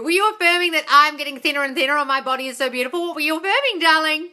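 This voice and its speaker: A woman's voice: high-pitched, very fast, hardly any pauses, sharp tone. A woman coaching viewers on a casual livestream from home, blunt and sweary, calling them darling. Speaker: manifesting coach answering live chat questions. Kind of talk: casual live-stream chat. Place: home, dog barking nearby. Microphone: phone livestream.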